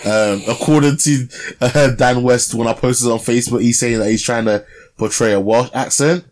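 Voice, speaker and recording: A man's voice: medium pitch, steady tone, moderate pace, a little mellow. A young man co-hosting a podcast, chatting casually about a film with lots of fillers and tag questions. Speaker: podcast co-host. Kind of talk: casual film review chat.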